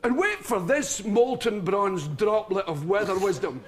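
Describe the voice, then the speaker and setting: A man's voice: high voice, measured pace, breathy edge. Scottish guy telling funny stories on tv, voice all over the place, keeps laughing. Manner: animated, laughs through his stories. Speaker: talk show guest. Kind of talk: comic storytelling. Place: television studio with audience.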